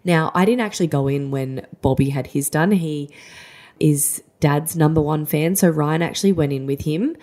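Low-voiced mum, chatty and self-deprecating, telling a personal story. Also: female voice, normal speed, dark tone. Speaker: mum podcaster.

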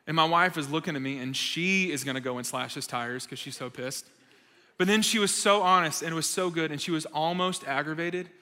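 Preaching to a young adults' church gathering, a man with a fairly high, bright, forceful voice talks a little fast. His sermon is conversational and emphatic, full of stories and self-deprecating humor, and the meeting hall gives it a reverberant sound.

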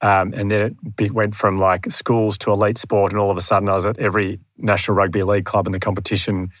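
An Australian man speaking as a podcast guest, his voice sitting low with a very dry, close sound. He tells his story earnestly and pokes fun at himself, often acting out his past thoughts. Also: little pitch movement, fast talker, no room sound. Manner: earnest, self-deprecating, acts out his own past thoughts. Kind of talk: candid storytelling in conversation. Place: room near his home.

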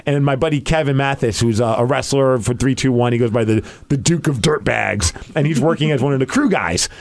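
A young man hosting a podcast, telling a story in an excited, rambling way and saying "like" a lot. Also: medium pitch, brisk, creaky. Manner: excited, rambling, heavy use of "like". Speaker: podcast host.

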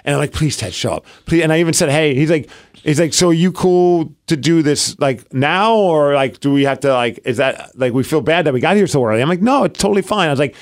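A man with a slightly higher-than-usual voice, co-hosting a podcast in an easygoing conversation. He tells stories in an animated way, acting out who said what. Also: fairly quick. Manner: animated storyteller, acts out quoted dialogue. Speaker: podcast co-host. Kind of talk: casual chat.

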